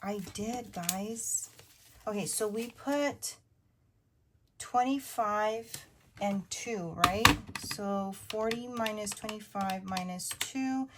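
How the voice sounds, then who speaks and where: A woman's voice: medium pitch, slow, noisy background. A woman in her thirties, a budgeting vlogger, chatting casually and upbeat with many fillers as she counts cash, at times whispering. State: partly whispering. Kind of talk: casual chatty narration over cash stuffing.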